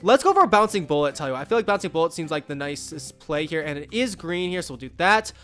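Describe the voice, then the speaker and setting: A man's voice: on the high side, big pitch swings, fast talker, bright, forceful tone, faint music behind. A young man giving casual gameplay commentary as a YouTuber, upbeat and rambling with many fillers and asides. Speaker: gaming YouTuber.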